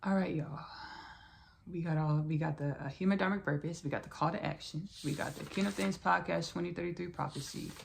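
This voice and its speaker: A woman hosts a spiritual podcast in a low voice with a gravelly, creaky edge. She circles back over her phrases and keeps calling her listeners "y'all" and "baby.". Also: fairly even intonation, fairly quick, slight background noise. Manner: repetitive, talks straight to listeners as "y'all" and "baby". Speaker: podcast host.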